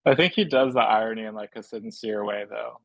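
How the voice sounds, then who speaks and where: A man in his thirties, a guest on a podcast, talking in a rambling, hesitant way full of fillers, with a gravelly voice. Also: fairly low pitch, brisk, dry recording. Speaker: podcast guest, shoe designer. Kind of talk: casual chat.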